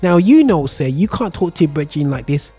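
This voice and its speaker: A man hosting a casual podcast chat, animated and full of street slang, constantly asking "you know what I mean". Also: a little high, fairly quick, slightly rough. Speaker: host.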